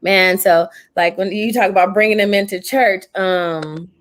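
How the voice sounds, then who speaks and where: A young woman preacher in casual chat, telling stories in an animated, emotional way with church expressions. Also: medium pitch, measured pace, a little hiss or hum. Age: young adult. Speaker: preacher and podcast host.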